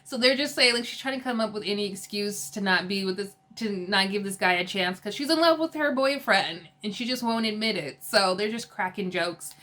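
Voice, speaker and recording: A woman's voice: mid-range voice, a little fast, few pauses, fairly bright tone. A woman chatting casually as she recaps a TV episode, filling her speech with "like" and laughing often. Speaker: TV episode reviewer.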